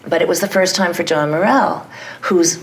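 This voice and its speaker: A middle-aged woman, a theatre director, answering interview questions in an animated, self-deprecating way, with frequent restarts. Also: lowish voice, moderate pace, slight background noise.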